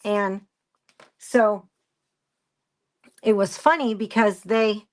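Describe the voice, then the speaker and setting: A woman's voice: medium pitch, steady tone, drawn-out words. A woman presenting a craft live stream, rambling through a story and greeting viewers by name as she works. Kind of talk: casual chat while crafting.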